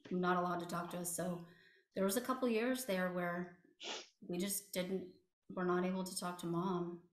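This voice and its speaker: A young woman speaks in a low, flat, even tone and recalls events calmly. Her voice carries a roomy echo. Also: moderate pace. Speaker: guest sharing her story. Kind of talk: casual interview talk.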